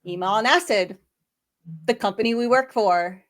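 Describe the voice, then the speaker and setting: A woman's voice: on the high side, normal speed. A woman answering audience questions on a casual webinar, friendly and chatty, thinking aloud with lots of fillers. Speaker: webinar panelist.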